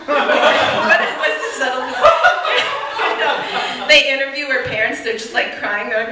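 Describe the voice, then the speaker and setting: A woman's voice: on the high side, a little slow, pushed and bright, a little hiss or hum. A young woman doing a stand-up comedy set, chatty and self-mocking, laughing at her own jokes. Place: small live venue with audience. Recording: roomy, distant mic with faint ambience.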